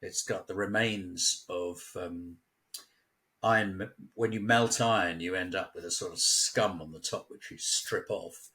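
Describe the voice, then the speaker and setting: A man's voice: low voice, fairly even intonation, measured pace, pushed and bright. A man from England chatting casually as a local guest, telling stories and laughing often. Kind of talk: casual chat. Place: at home near a village.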